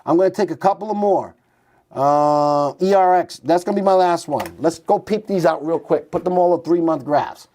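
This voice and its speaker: A man's voice: fairly high pitch, moderate pace, mellow. A man hosting a stock market show, chatty and thinking aloud as he types in tickers and reads charts live.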